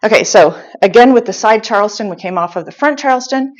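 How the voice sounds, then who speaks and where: Middle-aged woman, patient dance instructor counting beats, mid-pitched, slightly muffled recording. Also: expressive, fast talker, hardly any pauses. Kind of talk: step-by-step dance tutorial. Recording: slightly dull, muffled sound.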